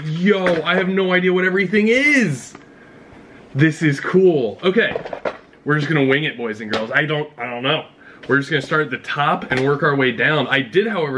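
A man vlogging an unboxing in an excitable, casual way, talking straight to his viewers. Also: on the high side, brisk, a little hiss or hum. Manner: excitable, talks to viewers directly. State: out of breath. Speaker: fishing vlogger.

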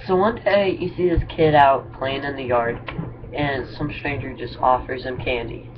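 A man vlogging casually, telling jokes in a hesitant, rambling, self-deprecating way. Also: medium pitch. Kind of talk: casual joke-telling vlog. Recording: dull lo-fi mic with clear background noise.

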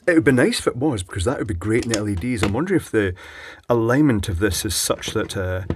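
A man's voice: fairly low pitch, expressive, fast, background noise. A man chatting dryly as he repairs electronics at his workbench, thinking aloud as he works. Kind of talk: casual workbench commentary.

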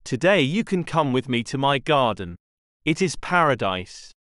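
A man voicing a gentle, mysterious little boy in a storybook, speaking calmly and simply. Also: medium pitch, moderate pace, dry recording, studio quality. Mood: serene.

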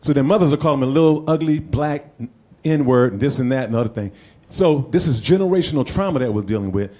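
A middle-aged man talks on a panel in a mellow, dark voice. He speaks with earnest urgency about helping young people, pressing the audience to act. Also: mid-range voice, fast. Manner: earnest, urging the community to act. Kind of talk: panel talk.

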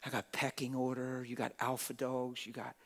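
A middle-aged man preaching a sermon in a church auditorium on a stage microphone, talking plainly and swinging from hushed whispers to loud shouts. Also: medium pitch, monotone, normal speed. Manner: plain-spoken, street-style talk.

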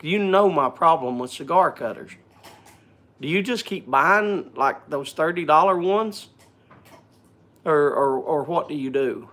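A man's voice: a little high, a little slow, fairly bright tone. A man hosting a casual live stream, joking and chatting, greeting viewers by name, often repeating and stumbling over words.

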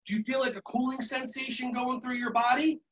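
Upbeat man leading a yoga warm-up. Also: very high-pitched, little pitch movement, a little fast, lo-fi sound. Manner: upbeat, coaching, playful cues. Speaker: yoga instructor for teachers. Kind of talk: live virtual workshop instruction. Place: home setting.

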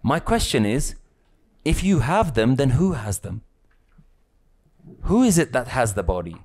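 A male spiritual teacher speaks to a live group in an unhurried, deliberate way. His voice sits in a middle range, and he builds his points through repeated phrases and questions put to his listeners. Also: medium pitch, big pitch swings, darkish tone, husky. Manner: slow, questioning, repetitive phrasing; rhetorical questions to the audience.

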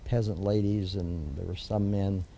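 Telling stories warmly and at a slightly slow pace, an older federal judge from the United States rambles through an oral history interview with frequent fillers and restarts. His voice is deep and dark, his tone steady, and a little hiss or hum can be heard.

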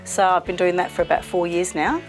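A middle-aged woman, a community radio presenter telling stories in a warm, chatty, lively interview manner. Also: on the low side, fairly quick, faint music behind. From Australia. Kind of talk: casual interview storytelling.

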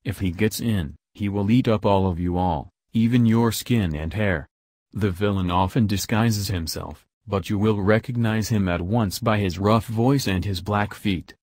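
A man voicing a caring older mother goat who speaks gently as she warns her young in a storybook reading. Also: on the low side, measured pace, dry recording, studio quality. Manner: gentle, warning.

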